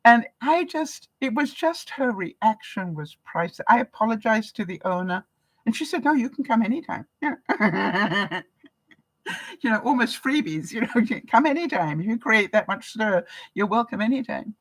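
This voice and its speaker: A woman's voice: on the high side, lively intonation, moderate pace, rough recording. A woman vlogger from Canada, telling stories in a live-stream chat with viewers, laughing often and acting out the voices she quotes.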